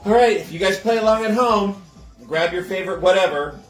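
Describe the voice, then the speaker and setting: A man's voice: high voice, brisk, echoey room, soft background music. A man hosting a casual livestream cocktail show from his home kitchen, chatting with viewers, greeting them by name and laughing often.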